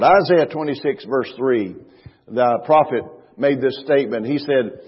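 Husky-voiced preacher in an echoing hall. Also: male voice, medium pitch, lively intonation. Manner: emphatic preaching, slows and stresses scripture, repeats phrases. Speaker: pastor. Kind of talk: sermon. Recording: reverberant hall, dull lo-fi sound.

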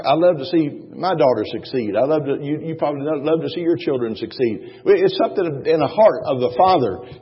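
A husky male pastor delivers an emphatic sermon. He repeats lines for weight and throws rhetorical questions to the congregation. The sound is dull and muffled, with a long church-hall echo trailing each phrase. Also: fairly high pitch.

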